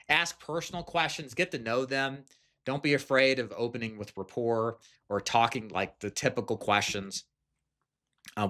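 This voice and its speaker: Direct male sales coach with a bright, forward voice, talking plainly to new agents. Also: mid-range voice. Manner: direct, conversational, frequent "okay?" check-ins. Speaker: sales trainer. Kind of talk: instructional talk.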